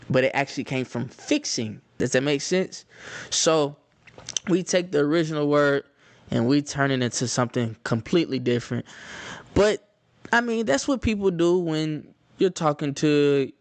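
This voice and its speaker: A man's voice: on the high side, creaky, no echo. A young man from Atlanta with a Southern Atlanta accent, telling stories casually to his viewers, repeating phrases and slipping into slang. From Atlanta, Georgia, US. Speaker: vlogger. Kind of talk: casual storytelling to camera.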